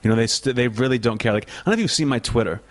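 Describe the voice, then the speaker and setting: A man's voice: medium pitch, rapid-fire. A man, a comedian guest on a talk show, telling brash, sardonic anecdotes in casual chat.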